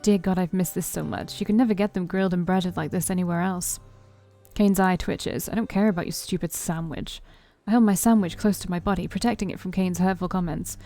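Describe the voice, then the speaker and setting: A let's play streamer reads a story game aloud in first person over soft background music, playfully adding her own side comments. Her voice is fairly low and warm, with fairly even intonation and a slightly fast pace.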